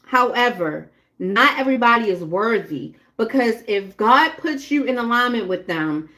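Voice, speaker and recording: A woman's voice: a little high, expressive, normal speed, bright, forceful tone. Blunt chatty woman reading tarot. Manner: blunt, chatty, talks straight to viewers with cursing. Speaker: tarot reader. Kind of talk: casual live tarot reading.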